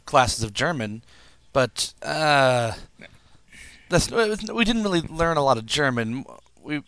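A man co-hosting a casual podcast, joking in a dry, deadpan way. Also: medium pitch, clear, resonant tone, no echo. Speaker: podcast co-host. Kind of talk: casual chat.

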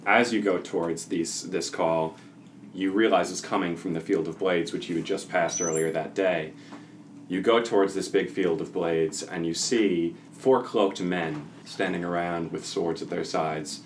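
A man's voice: low voice, steady tone, measured pace, a little hiss or hum. A man acting as game master, narrating a tabletop role-playing podcast in a laid-back way, with fillers and laughs.

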